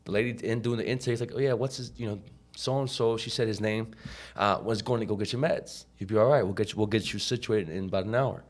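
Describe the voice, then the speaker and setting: A man's voice: fairly low pitch, fairly even intonation, quick pace. A man, a podcast guest, telling his story in a casual, profane, slangy way, full of "like" and "you know," acting out the people he quotes.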